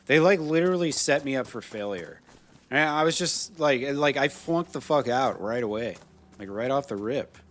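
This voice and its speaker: Lively, swearing American streamer. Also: male voice, mid-range voice, moderate pace. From United States. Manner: swearing, laughing, rambling asides. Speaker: gaming streamer. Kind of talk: casual live-stream chat while playing.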